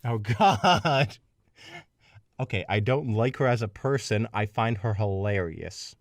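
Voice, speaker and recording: A man's voice: on the low side, expressive, takes it slowly, no room sound. A man co-hosting a podcast, reading a fan story aloud and joking around in casual chat. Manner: playful, jokey asides. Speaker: podcast co-host and reader. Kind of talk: casual chat and fanfic narration. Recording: dry, distant mic.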